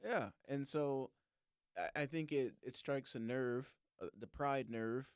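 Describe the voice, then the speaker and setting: A man's voice: mid-range voice, measured pace, clear, resonant tone, no echo, studio quality. A man co-hosting a casual faith podcast, joking around with playful asides. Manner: joking, animated, lots of fillers and playful asides. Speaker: podcast co-host.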